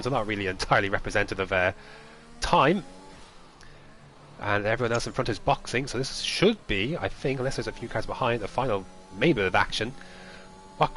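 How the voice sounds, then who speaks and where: Low-voiced esports race commentator. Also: male voice, a little hiss or hum. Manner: lively play-by-play with light laughs.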